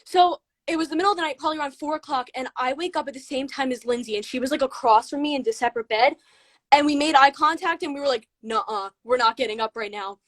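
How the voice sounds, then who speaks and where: High-voiced young woman telling a ghost story. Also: dry recording. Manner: excited, rushed telling with many "like"s. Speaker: guest storyteller. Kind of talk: casual storytelling on a livestream.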